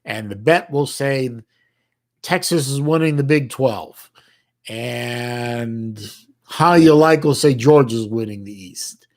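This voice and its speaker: A livestream host, a middle-aged man from the United States, reads chat in a mid-range voice. His easygoing talk is full of false starts and countrified slang.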